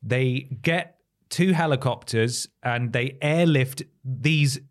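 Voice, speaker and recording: A man co-hosting a casual film review podcast, chatty and wry. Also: medium pitch. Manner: chatty, wry, quick asides. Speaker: podcast co-host.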